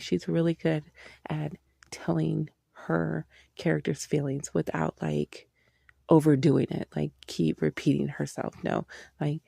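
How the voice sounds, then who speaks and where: Gravelly, gushing woman reviewing books. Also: low voice, no echo, clean studio sound. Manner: excitable, swears a lot, gushing. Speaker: book reviewer. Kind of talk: casual book review vlog.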